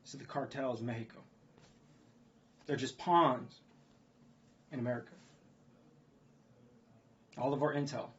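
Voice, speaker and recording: A man's voice: mid-range voice, darkish tone. Profane ranting man, dull lo-fi audio. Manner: profane, repetitive, rhetorical "guess what" questions. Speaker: video blogger. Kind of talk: ranting commentary on news.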